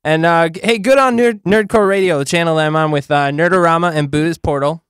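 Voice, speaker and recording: A man's voice: a little high, fast talker, a bit bright, smooth, no echo, studio quality. A young man hosting a show, chatting casually in a giggly, enthusiastic way. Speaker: podcast host. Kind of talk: casual chat.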